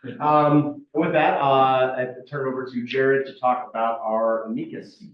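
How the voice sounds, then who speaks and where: A man's voice: mid-range voice, level tone, measured pace. Man reporting in an echoey meeting room. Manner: plain, with many fillers. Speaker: staff member presenting a report. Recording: echoey room, far from mic, dull.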